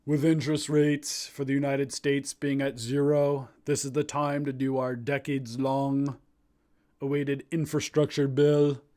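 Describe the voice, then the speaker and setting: A blustery older male politician, as a man puts on an impression of him, booms out each phrase loudly and emphatically. It is a mock interview gag with an impression at its heart. He sounds pleased with himself and sure of every word. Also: little pitch movement, unhurried, natural voice. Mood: pompous.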